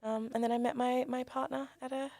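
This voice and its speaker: A young Australian performer telling stories in a casual interview, animated and comic, acting out quoted voices. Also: female voice, high voice, fairly quick, vocal fry, no room sound, clean studio sound. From Australia, Perth. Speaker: guest, performer.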